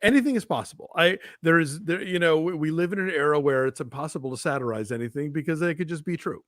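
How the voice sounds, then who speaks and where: A man's voice: a little high, fast, a bit bright, no echo, clean studio sound. A man co-hosting a movie news livestream, talking casually and with opinions, full of restarts and fillers. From Georgia, US. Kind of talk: casual chat.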